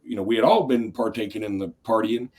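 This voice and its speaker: Husky-voiced man hosting a podcast. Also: lowish voice, quick pace. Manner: animated storyteller, voices in quotes. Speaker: podcast host. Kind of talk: casual sports podcast chat.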